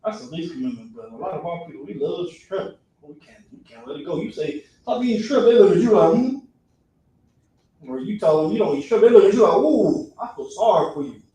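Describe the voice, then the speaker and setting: A man teaching a religious class in a classroom, animated and acting out people's reactions with mock voices. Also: a little high, fast talker, few pauses. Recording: echoey room, far from the mic.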